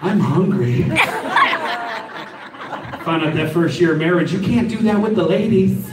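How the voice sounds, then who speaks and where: A man doing a stand-up comedy set, working the crowd with an animated delivery at a live show. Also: high-pitched, unhurried, recorded from a distance. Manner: animated, crowd work with audience. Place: live venue with audience. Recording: live show, roomy with loud audience. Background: crowd laughter and noise.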